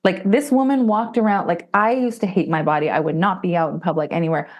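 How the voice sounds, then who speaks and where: A woman in her forties, a podcast guest, telling her story in blunt, profane and animated talk, and acting out other people's voices as she goes. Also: on the low side, fast talker. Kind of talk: candid conversational storytelling.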